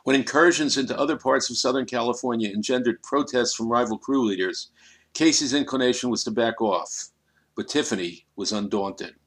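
Man narrating an audiobook, measured and dramatic. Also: medium pitch, slightly rough.

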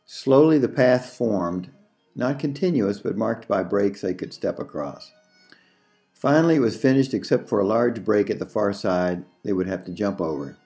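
Mellow male audiobook narrator. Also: lowish voice, animated, faint music behind. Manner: slow, measured reading.

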